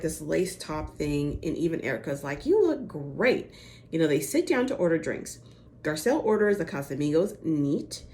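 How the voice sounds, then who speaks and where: A woman's voice: low-pitched, a little mellow, a little hiss or hum. Chatty gossipy woman recapping TV. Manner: chatty and gossipy, full of "like" and "you know", acts out quotes. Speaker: reality TV recap host. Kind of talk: casual episode recap.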